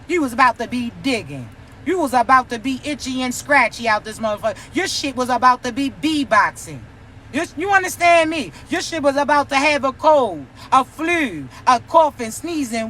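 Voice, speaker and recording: A woman's voice: high-pitched, fairly bright tone, slight background noise. A woman giving a spiritual reading, delivered as a brash, profane, teasing scolding. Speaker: spiritual reader. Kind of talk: spiritual warning rant.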